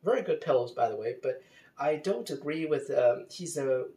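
A man hosting a podcast, reading news reports aloud and commenting on them in a halting way, with many fillers and restarts. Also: mid-range voice, expressive, warm tone, far from the mic. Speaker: podcast host. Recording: echoey room, away from mic.

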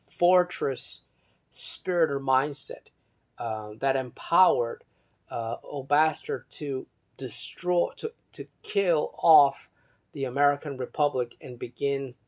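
Hesitant man spelling out words. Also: mid-range voice. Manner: hesitant, heavy with fillers and restarts, spells words out letter by letter; drifts between soft muttering and louder emphasis. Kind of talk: rambling monologue reading aloud from an article.

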